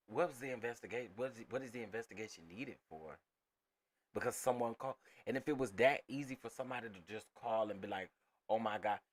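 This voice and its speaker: A man hosting a casual reaction commentary, talking emphatically to his viewers and repeating phrases. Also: lowish voice. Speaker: commentary channel host.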